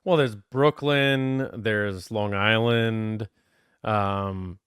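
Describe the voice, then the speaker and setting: An American man co-hosting a podcast, telling stories in a relaxed, casual way. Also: on the low side, very slow, smooth, dry recording, clean studio sound. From New York. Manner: relaxed storyteller, laughs between lines. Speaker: podcast co-host. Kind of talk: casual chat.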